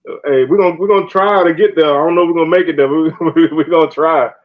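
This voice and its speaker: A man hosting a casual sports chat, telling animated stories and laughing often. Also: on the high side, rapid-fire, phone-quality sound. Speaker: podcast host.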